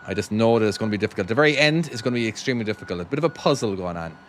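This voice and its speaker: A man with a Cork Irish accent, worn down by life in America, chats easily with his viewers and talks himself through each move. His pitch rises and falls a lot as he talks. A faint hiss sits under his voice. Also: expressive, rapid-fire. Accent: Cork Irish, softened by years in America. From Ireland. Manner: chatty, thanks viewers, talks to himself while driving. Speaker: streamer. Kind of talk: casual live-stream chat while playing.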